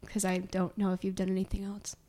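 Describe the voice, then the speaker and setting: A woman's voice: mid-range voice, monotone, fast talker. A woman in her twenties hosting a casual podcast chat, talking freely and laughing often as she goes. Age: 20s. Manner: chatty, laughs often, self-described dark sense of humor. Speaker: podcast host.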